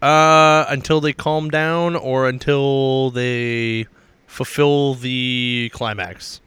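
A man's voice: mid-range voice, fairly even intonation, extremely slow, a bit bright, clean tone, no room sound. A man co-hosting a casual comics show, talking loosely with hedges and jokes and trailing off mid-thought. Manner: loose, hedging, jokey, trails off mid-sentence. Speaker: podcast co-host reviewing comics. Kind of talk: casual chat.

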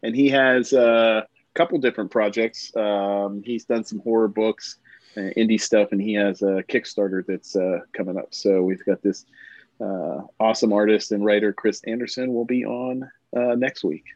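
Man, podcast co-host, casual chat, enthusiastic, deep-ish, dry close sound. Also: steady tone, normal speed, darkish tone, dry recording, highs cut off. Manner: enthusiastic, chatty.

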